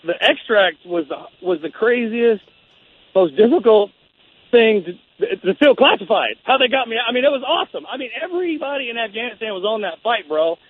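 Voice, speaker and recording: A man's voice: extremely high pitch, lively intonation, normal speed, husky, dry recording, phone-quality sound. A man being interviewed, telling a long story in a casual, rambling way, often saying man and bro. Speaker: guest.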